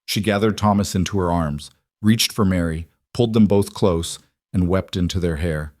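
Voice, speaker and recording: A man narrating a western story in a measured, dramatic storytelling manner. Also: sits low, darkish tone, dry recording, clean studio sound. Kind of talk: scripted narration.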